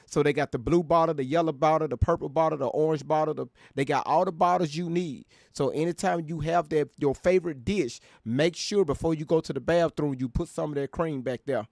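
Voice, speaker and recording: A man's voice: fairly high pitch, brisk, gravelly, hardly any pauses, darkish tone, no room sound, clean studio sound. Profane, mocking male commentary host. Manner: profane, mocking, laughs often. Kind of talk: casual reaction commentary.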